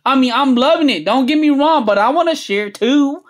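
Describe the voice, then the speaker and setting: A channel host opening trading card packs on camera, calling out each card and getting loudly excited and cursing at big pulls. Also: high-pitched. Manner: excitable, swears freely, yells at big pulls; drawn-out, emphatic phrasing between muttered card lists. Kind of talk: hyped pack-opening vlog commentary.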